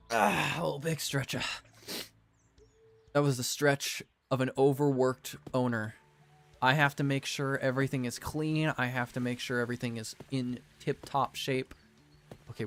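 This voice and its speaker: A man's voice: medium pitch, steady tone, normal speed, faint music behind. Jokey young man narrating gameplay. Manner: jokey, self-deprecating, theatrical outbursts. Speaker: gaming video creator. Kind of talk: casual let's-play commentary.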